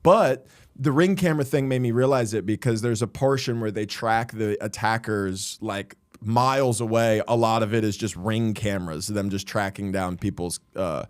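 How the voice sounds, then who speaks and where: A man's voice: on the low side, normal speed, clear, resonant tone, dry recording, clean studio sound. Man telling rambling comedy stories. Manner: rambling anecdotal storytelling. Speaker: comedian and podcast host. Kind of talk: casual podcast chat.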